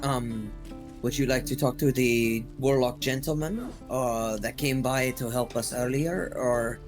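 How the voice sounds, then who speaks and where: A man's voice: medium pitch, a little slow. A man talking casually with friends while playing a game, easygoing and hesitant. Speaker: podcast player. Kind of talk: casual gaming chat. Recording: music playing behind.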